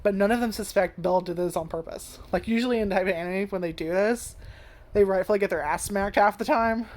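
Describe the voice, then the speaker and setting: A woman's voice: mid-range voice, a little mellow. A woman in a mid-range voice rambles through an anime review in a loose, casual way. She leans on fillers and curses freely, slipping into character lines as she recaps. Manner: lots of "like" and restarts.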